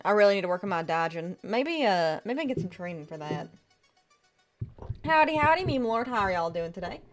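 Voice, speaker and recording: A woman's voice: medium pitch, fairly quick, faint music behind, natural voice. A woman streamer putting on a folksy American Southern accent while greeting her chat. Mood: playful. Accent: put-on American Southern. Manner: lively, drawling, greets viewers with howdy. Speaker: game streamer. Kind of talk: casual live-stream chat.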